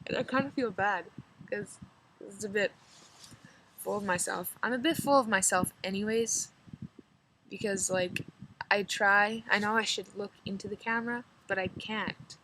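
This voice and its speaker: A woman's voice: medium pitch, moderate pace, a bit bright, slight background noise, poor audio. A teenage girl with a slight rural drawl, chatting casually to her camera in a rambling, giggly way, full of "like". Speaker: vlogger.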